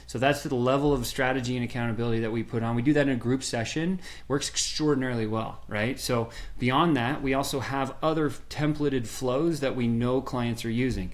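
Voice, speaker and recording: A man guest on a podcast, explaining a sales method with lively storytelling and quick bursts of acted-out dialogue. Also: medium pitch. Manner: animated storyteller, acts out quoted voices. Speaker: podcast guest, software founder. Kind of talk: energetic sales pitch in conversation.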